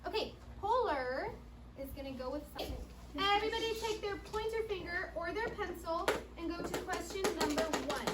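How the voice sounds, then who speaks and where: A woman teacher giving firm, directive instructions and praise to young children in a classroom. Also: very high-pitched. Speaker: elementary school teacher. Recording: echoey classroom audio from far off, loud noise.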